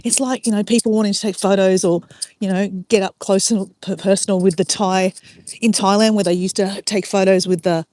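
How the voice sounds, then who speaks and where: A woman's voice: mid-range voice, fairly even intonation, a little fast, a little mellow, no echo. A middle-aged Australian woman chatting casually to viewers as she walks an outdoor track. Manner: chatty and rambling, talks while walking outdoors. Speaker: vlogger. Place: outdoor walking track by a river.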